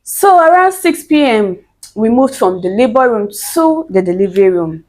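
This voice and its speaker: Animated woman telling a story. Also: medium pitch, normal speed. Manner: animated, laughs often, acts out quotes. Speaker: vlogger telling her birth story. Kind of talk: casual storytelling to camera.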